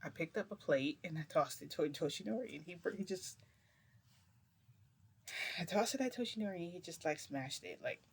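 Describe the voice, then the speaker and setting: A woman telling a long personal story in a casual, rambling way, full of fillers and restarts, keeping her voice low. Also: expressive, a little fast, long pauses, breathy edge. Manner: rambling, filler-heavy retelling with many restarts; speaks low to keep quiet. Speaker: storytime vlogger.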